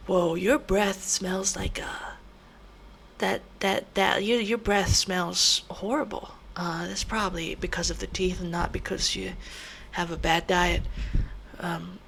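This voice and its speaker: A woman voicing a scolding female dentist in a whispered role-play, soft and halting. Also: mid-range voice, creaky, slight background noise. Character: scolding female dentist checking a patient's teeth.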